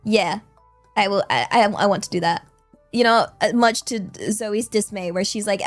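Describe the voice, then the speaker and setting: A woman's voice: medium pitch, moderate pace, soft background music. A British woman streamer chatting casually with her viewers, playful and self-mocking, often giggling. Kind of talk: casual live-stream chat.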